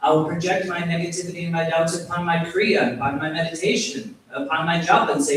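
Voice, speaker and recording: A man's voice: a little high, fast talker, hardly any pauses. Male yoga teacher, temple talk, self-deprecating storyteller; big hall echo, mic set far back. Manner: self-deprecating, animated storytelling with acted quotes. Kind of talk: sermon with storytelling. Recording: very echoey hall, distant mic, faint hiss.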